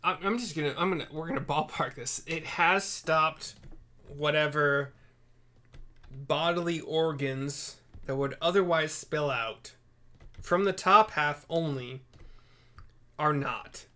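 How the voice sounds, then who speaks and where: A man with a fairly high voice runs a tabletop game as game master. He makes rulings up on the spot and keeps things light with plenty of laughter. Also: slow pace, sharp tone. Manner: playful, improvising rulings with laughter. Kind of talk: running a tabletop game over a call.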